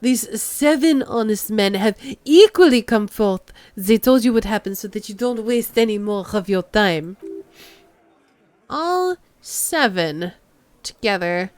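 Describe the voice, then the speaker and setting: A woman voicing a calm, calculating female spokeswoman in a video game reading, speaking in a slow and deliberate way. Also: medium pitch, dry recording. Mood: composed.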